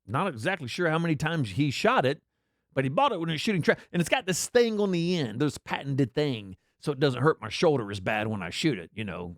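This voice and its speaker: A man's voice: a little high, dry recording, clean studio sound. A man delivering a sarcastic, mocking political commentary rant. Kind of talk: ranting commentary.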